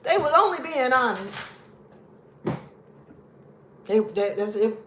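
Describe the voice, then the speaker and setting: A woman's voice: on the high side, sing-song, normal speed, background noise. Blunt, profane woman reading tarot. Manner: blunt, profane, emphatic, drops to mutters. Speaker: tarot reader. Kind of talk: casual tarot reading vlog.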